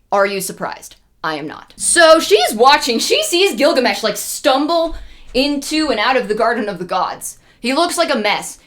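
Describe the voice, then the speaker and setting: A woman's voice: a little high, a bit bright. A woman streamer casually retelling an ancient epic in a chatty, humorous way, with lots of asides. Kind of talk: casual storytelling.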